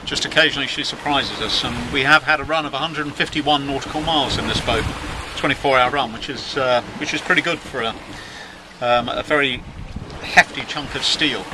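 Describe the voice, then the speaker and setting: A man's voice: mid-range voice, fairly quick. A middle-aged man chatting wryly in a casual video diary from the deck of a sailing yacht at sea. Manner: chatty, wry, self-mocking. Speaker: yacht skipper vlogging at sea. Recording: wind and wave noise on deck.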